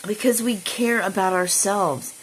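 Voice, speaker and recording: A woman's voice: mid-range voice, fairly even intonation, unhurried, noisy background. A middle-aged woman talking casually into her phone camera, blunt and given to swearing, audibly irritated. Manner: blunt, swears freely, talks to herself. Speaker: vlogger. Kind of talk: casual vlog.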